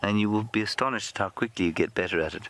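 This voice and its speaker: A man's voice: lowish voice, rapid-fire, a bit bright. A man guiding a live game drive outdoors, giving advice and commentary with dry, self-deprecating humor. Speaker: safari guide. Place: outdoors in the bush.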